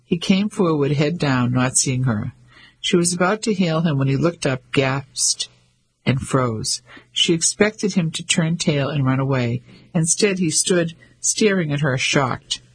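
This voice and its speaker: Husky male audiobook narrator, slightly high, measured storytelling. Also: rough recording. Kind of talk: scripted narration.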